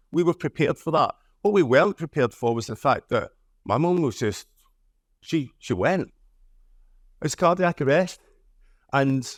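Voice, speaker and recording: A man's voice: mid-range voice, no echo, clean studio sound. A middle-aged man with a Scottish accent giving a conference talk. He tells stories in a chatty, humorous way and often tags his lines with "okay?". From Scotland. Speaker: conference speaker.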